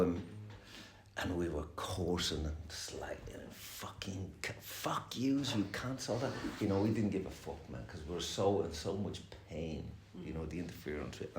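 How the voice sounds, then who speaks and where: Speaking at normal speed in a low-pitched voice, a middle-aged man gives a rambling, frank and very profane personal share at a recovery meeting. The room echoes and carries faint noise.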